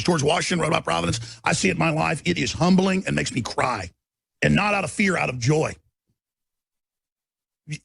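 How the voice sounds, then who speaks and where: A radio host, a man, rants with preachy fervor, often building into shouting. His voice sits fairly high with a heavy gravelly rasp. The sound is dry and close. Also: no room sound. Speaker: radio talk show host. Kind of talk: impassioned on-air rant.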